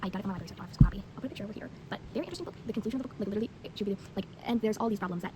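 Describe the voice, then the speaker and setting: A woman's voice: mid-range voice, racing, very noisy. A teenage girl chatting casually about books she has read, rambling with lots of fillers and blunt opinions. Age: teens. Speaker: vlogger. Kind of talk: casual book review chat.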